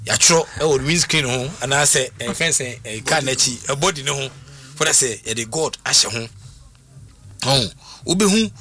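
A man's voice: on the high side, breathy edge. A middle-aged man with a Ghanaian accent, chatting and telling stories, often asking "what I say?" as he goes. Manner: animated storyteller, often asks "what I say?". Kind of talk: casual talk mixing Twi and English.

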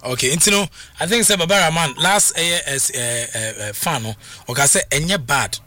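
Bright-voiced Ghanaian radio host. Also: male voice, fairly high pitch, lively intonation, normal speed. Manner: hesitant, many fillers and restarts. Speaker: radio sports news host. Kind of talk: radio sports news chat mixing Twi and English.

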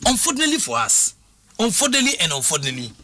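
A man's voice: high voice, huge pitch swings, rapid-fire, bright, forceful tone, no echo. A man with a Ghanaian accent talking football on a radio sports show, emphatic and repetitive as he drives his points home. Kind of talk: sports talk radio discussion.

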